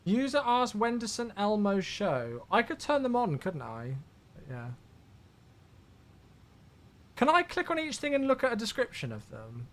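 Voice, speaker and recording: Animated high-voiced man streaming. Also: a little slow, long pauses. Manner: rambling, chatty, answers viewer questions. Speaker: flight sim streamer. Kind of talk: casual live-stream chat.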